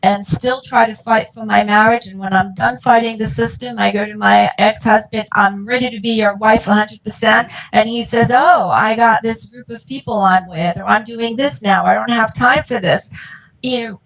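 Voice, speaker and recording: A woman's voice: on the high side, steady tone, normal speed, vocal fry, a bit bright, poor audio. A middle-aged woman, a mother and guest, telling her family's story in an earnest, impassioned way and acting out the dialogue. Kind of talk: emotional personal storytelling.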